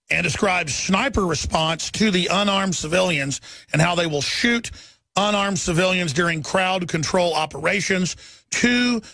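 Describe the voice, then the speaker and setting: A man hosting a talk radio show in a furious political rant, shouting, scornful and hammering his points again and again. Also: high-pitched, creaky, no echo. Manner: repetitive hammering delivery.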